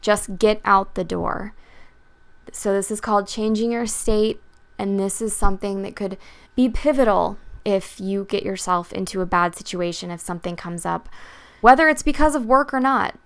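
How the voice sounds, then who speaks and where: A woman's voice: medium pitch, normal speed, clean tone. A young woman hosting a podcast, talking casually and candidly, swearing freely as she tells a story and gives advice. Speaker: podcast host.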